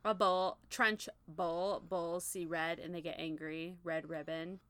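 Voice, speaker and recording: A young woman co-hosting a podcast, chatting casually with quick, joking reactions. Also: on the low side, flat delivery, fairly bright tone, no echo. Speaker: podcast co-host. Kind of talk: casual chat.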